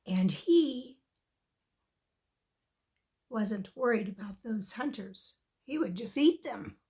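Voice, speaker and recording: A woman reading a children's story aloud in an expressive, drawn-out storytelling manner. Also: a little high.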